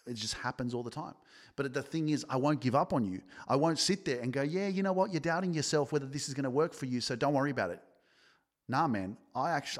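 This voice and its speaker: A man hosting a self-help podcast, talking straight to listeners in a pushy, repetitive way and swearing often. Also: mid-range voice. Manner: swearing, pushy, repeats himself, quotes people in his own voice. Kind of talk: motivational podcast monologue, live-streamed.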